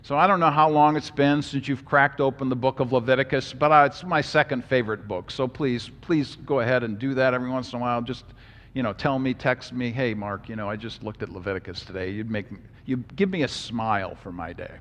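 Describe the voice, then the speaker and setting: A man teaching a Bible class from slides, animated and emphatic, with joking asides. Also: mid-range voice, brisk. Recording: long hall reverb.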